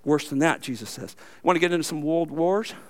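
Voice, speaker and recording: A man's voice: on the high side, a little fast. A man, a pastor, preaching a sermon emphatically and asking the congregation rhetorical questions.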